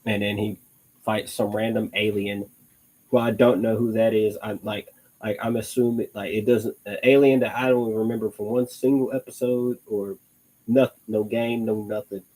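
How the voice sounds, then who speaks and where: A man's voice: on the low side, flat delivery, moderate pace, darkish tone, low-quality recording. A young man hosting a live online show, chatting casually in a rambling way with frequent restarts and laughs. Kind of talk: casual live-stream chat.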